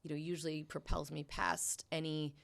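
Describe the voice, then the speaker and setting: Low-voiced New England woman, chatty. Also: flat delivery, normal speed, vocal fry, a bit bright. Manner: chatty, quotes her own thoughts in a raised voice. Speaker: podcast guest, sign painter. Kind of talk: casual interview chat.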